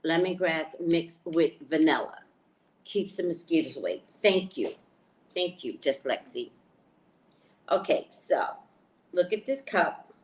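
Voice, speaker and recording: A woman chatting casually to her viewers, excitedly showing off things she bought and talking about them. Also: sits low, slow pace, long pauses. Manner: chatty, excitable, shows items to camera. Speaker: spiritual reader and vlogger. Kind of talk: casual live chat to viewers.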